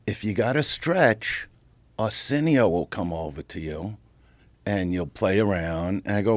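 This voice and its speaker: A middle-aged man, a comedian telling a story as a podcast guest in a brash, profane, animated way, acting out what people said. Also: lowish voice, measured pace, no echo. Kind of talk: casual storytelling.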